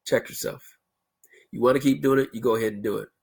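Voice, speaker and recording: A man's voice: medium pitch, steady tone, fast talker, vocal fry, breathy edge. A man delivering a blunt, emphatic opinion rant as a vlogger, lecturing his viewers.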